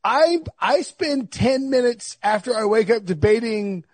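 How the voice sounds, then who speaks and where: A married man hosting a sports podcast, riffing in an animated, exasperated way with stumbles and restarts. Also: very high-pitched, measured pace, no echo. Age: adult, married. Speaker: podcast host. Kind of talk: casual sports podcast chat.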